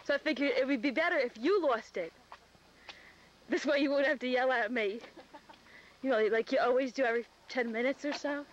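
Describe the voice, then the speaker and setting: Giggly high-voiced woman filming a home movie. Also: a little fast, long pauses, highs cut off, slight background noise. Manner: giggly, teasing. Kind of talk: casual home video chat. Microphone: built-in camcorder mic. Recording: 1989 camcorder home video.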